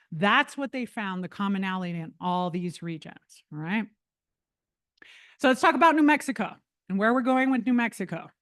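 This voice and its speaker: A woman presenting a lecture to a live audience in a meeting room, lively and chatty, often checking in with the room through quick tag questions. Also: medium pitch, no room sound, clean studio sound.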